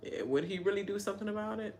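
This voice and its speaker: A woman's voice: medium pitch, very fast, a little hiss or hum. A woman hosting a live reaction video, ranting and laughing about a reality show as it plays. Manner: animated, laughs often, mimics people.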